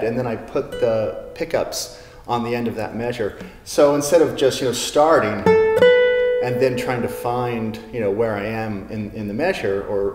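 Relaxed man teaching guitar, roomy reverb. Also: medium pitch. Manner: relaxed, many fillers like um and you know. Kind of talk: casual spoken music lesson. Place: guitar showroom. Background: classical guitar playing.

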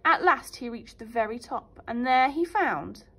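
A teacher reading a fairy tale aloud to young children in an animated, sing-song way. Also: female voice, on the high side, unhurried, husky.

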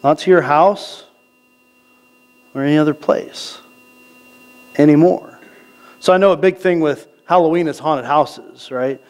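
Guy preaching in a church, kinda high voice, talks casual, slows way down for bible verses. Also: a little mellow. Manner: conversational preaching, asks the crowd "right?"; reads scripture slowly. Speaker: pastor. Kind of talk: sermon. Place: church sanctuary.

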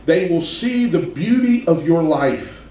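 A male pastor delivering a sermon, a folksy storyteller who slows down for emphasis. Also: fairly high pitch, lively intonation, dark tone. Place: church sanctuary. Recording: roomy church sound from a distance.

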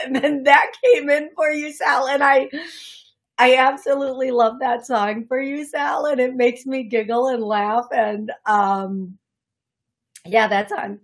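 Brief: woman radio psychic host, somewhat high voice, gushing and affectionate with callers. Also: steady tone, a little slow. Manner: affectionate, effusive, calls callers love. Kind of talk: call-in radio show.

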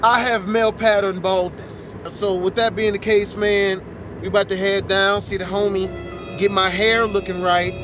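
A man's voice: high-pitched, level tone, over music. A young man hosting a casual vlog from a car, joking and teasing his friends. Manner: joking, teasing, quick comebacks. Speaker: vlogger host.

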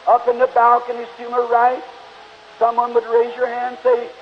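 A man's voice: extremely high pitch, big pitch swings, moderate pace, vocal fry. A man preaching an altar call and closing in prayer, pleading fervently with the congregation at a church meeting. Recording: dull lo-fi 1950s tape, faint hiss.

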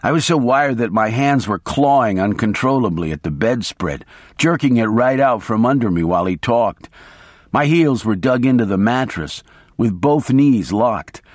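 A man narrating a novel in the first person, reading in a measured, steady way. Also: mid-range voice, no room sound, clean studio sound. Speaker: audiobook narrator.

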